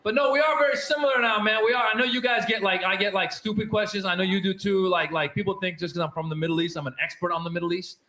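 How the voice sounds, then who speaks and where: A male stand-up comedian doing an animated, jokey routine and laughing through his lines. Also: sits high, fast, few pauses.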